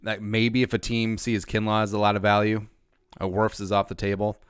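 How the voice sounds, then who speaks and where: A laid-back man hosts a casual livestream, reading shout-outs with wry little jokes. His voice sits fairly low and sounds smooth and clear. The recording is dry and close, with no room around it. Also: monotone, fairly quick, no room sound. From Minnesota. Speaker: podcast host.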